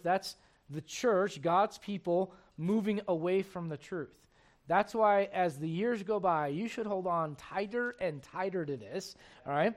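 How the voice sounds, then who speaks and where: High-voiced man preaching emphatically. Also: normal speed, darkish tone. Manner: emphatic, asks the congregation questions; reads scripture aloud in old wording. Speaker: pastor. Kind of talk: sermon.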